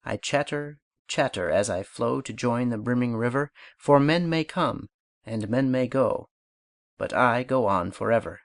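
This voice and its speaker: A man reading an audiobook aloud, reciting verse and instructions in a measured, unhurried way. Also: mid-range voice, expressive, gravelly, no echo. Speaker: audiobook reader. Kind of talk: scripted audiobook narration.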